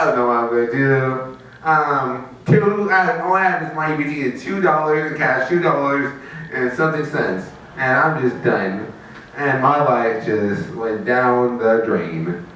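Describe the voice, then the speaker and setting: A man's voice: fairly high pitch, a bit bright, slight background noise. A man doing rambling stand-up at an open mic, laughing at his own lines and swearing a lot. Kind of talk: stand-up storytelling. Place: small open mic venue. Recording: echoey room, heard from a distance.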